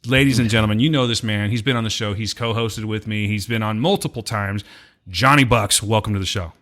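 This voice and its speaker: A man's voice: lowish voice, a little fast, a bit bright. A man hosting a podcast in casual chat, brash, joking and freely profane. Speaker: podcast host.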